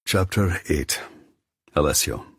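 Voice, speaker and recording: A man narrating a dark romance audiobook in a first-person, steady, scripted read. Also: rumbling low, slow pace, slightly rough, no room sound, clean studio sound.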